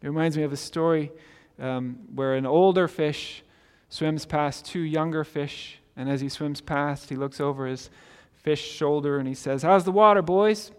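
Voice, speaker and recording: Guy preaching, kinda high voice, chatty, keeps saying right?, big echoey hall. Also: steady tone, unhurried, hardly any pauses, darkish tone, clean tone. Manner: conversational, repeats "right?" and restarts words. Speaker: pastor. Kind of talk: sermon.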